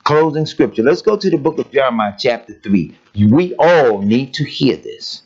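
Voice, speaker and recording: A man's voice: mid-range voice, animated, moderate pace, a little mellow, breathy edge. A man preaching a sermon, driving his points home with blunt, emphatic rhetorical questions and casual, plain-spoken phrasing. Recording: dull lo-fi recording.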